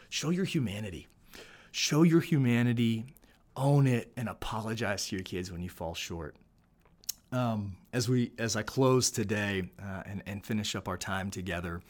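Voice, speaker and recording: A middle-aged man giving an earnest motivational talk to fathers, repeating his key points and often checking in with "right?". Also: fairly low pitch. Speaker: speaker on fatherhood.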